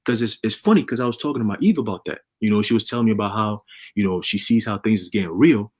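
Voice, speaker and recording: A man casually preaching and telling a story on a religious livestream, with energetic, repetitive street talk full of slang. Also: on the low side, fast talker.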